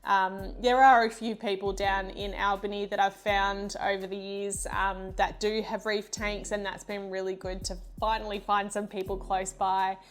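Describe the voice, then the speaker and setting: An Australian woman from Western Australia talks in a relaxed, lighthearted way, filling her answers with ums and you knows. She sounds like a guest in a casual online interview about her hobby. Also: medium pitch, moderate pace, few pauses. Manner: chatty, lighthearted, many fillers. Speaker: guest, reef aquarium YouTuber. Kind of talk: casual video-call interview.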